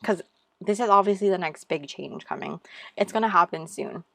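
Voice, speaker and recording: A woman's voice: medium pitch, moderate pace, creaky, a bit bright, dry recording. A woman giving a pick-a-card tarot reading to her viewers, gushing and encouraging and calling them "you guys.". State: out of breath. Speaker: tarot reader. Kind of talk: casual tarot reading to camera.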